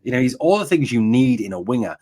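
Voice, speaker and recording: A man's voice: mid-range voice, sing-song, quick pace, mellow. A man hosting a football fan channel, delivering angry, emphatic solo commentary with lots of repetition. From Scotland.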